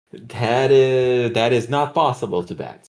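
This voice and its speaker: A man co-hosting a sports podcast, talking picks in loose, joking banter. His voice sits at an ordinary middle pitch for a man. He ribs his co-host as he talks. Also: lively intonation, takes it slowly, a little mellow. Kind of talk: casual sports betting chat.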